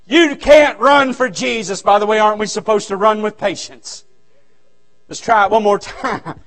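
A male revival preacher, his voice pitched very high for a man. He preaches in a fervent, folksy way and breaks into shouts, from a church sanctuary. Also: normal speed. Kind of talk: revival sermon.

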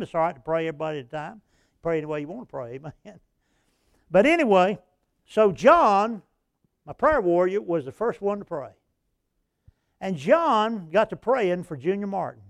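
A man's voice: high voice, no echo, clean studio sound. An older man, preaching a revival sermon and telling a folksy story that swells into impassioned recounted prayers.

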